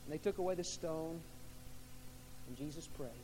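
High-pitched preacher guy telling the story big, drops low then goes loud, faint hum in the room. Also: moderate pace. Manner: dramatic storytelling, swinging from hushed to loud. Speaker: pastor. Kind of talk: sermon. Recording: echoey hall with faint hum.

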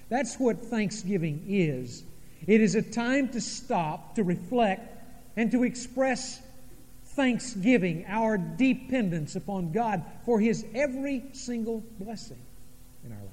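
High-voiced preacher in an echoing church. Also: male voice, lively intonation, darkish tone. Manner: dramatic preaching, pauses and sudden drops in volume. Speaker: pastor. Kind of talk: sermon. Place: church sanctuary.

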